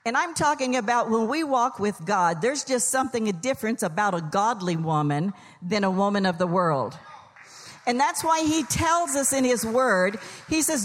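This older woman, whose daughter is the pastor's wife, gives a lighthearted Mother's Day sermon in the church sanctuary, telling folksy jokes and stories with voices for each character. Her voice is a little high and expressive, her pace moderate, and the sound trails off in a long reverb.

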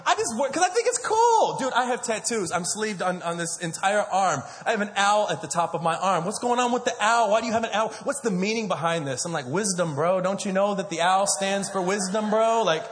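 Pastor, male, thirties: high, bright-voiced, animated comic storyteller preaching from a stage, long church-hall reverb. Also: fairly quick, few pauses. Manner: joking, animated storytelling to a congregation, calls for amens. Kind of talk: sermon. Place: large church auditorium.

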